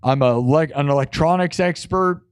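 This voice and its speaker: A man's voice: fairly high pitch, moderate pace, clear, resonant tone, no room sound, clean studio sound. A man hosting a live stream, chatting in a rambling, jokey way and talking straight to his chat. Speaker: live-stream host and musician.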